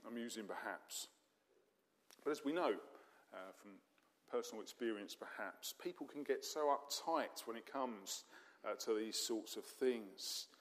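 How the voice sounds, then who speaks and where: A man preaching in a warm, conversational manner, tossing in rhetorical questions and wry asides. His voice sits at a middling pitch and carries a long reverb, as if he is in a large hall. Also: lively intonation, unhurried. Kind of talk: sermon.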